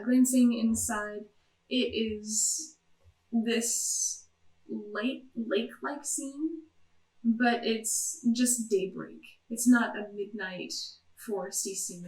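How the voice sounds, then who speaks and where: A woman narrating a tabletop game as game master, slow and descriptive. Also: mid-range voice, roomy sound, low-quality recording.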